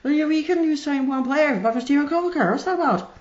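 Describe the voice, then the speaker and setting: A man's voice: extremely high pitch, fast talker, reverberant, muffled recording, pitched above the performer's own voice. A man voicing an agitated male football fan calling in with a Northern Irish accent, stumbling over his words. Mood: baffled.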